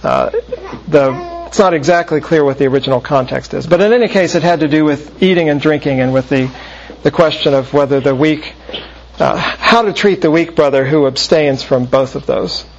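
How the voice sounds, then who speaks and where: A man works slowly through a scripture passage in a sermon, explaining as he goes. He pauses often mid-phrase in a measured way. His voice sits somewhat high and comes through a dull, lo-fi recording. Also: vocal fry, a little hiss or hum. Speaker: preacher. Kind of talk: expository Bible teaching. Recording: muffled lo-fi recording.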